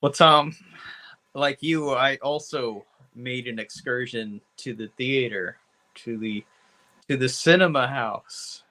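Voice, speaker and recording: A man with a bright, forceful voice talks through a movie review as a podcast co-host. His delivery is loose and meandering, peppered with "you know" and easy profanity. He keeps an unhurried, casual tone. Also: mid-range voice. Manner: rambling, laid-back, profane, heavy with "you know".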